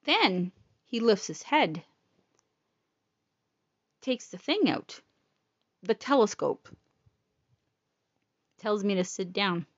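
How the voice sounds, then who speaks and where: A woman telling a personal story in a blunt, profane and animated way. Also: medium pitch, slow, pauses often, no echo, highs cut off.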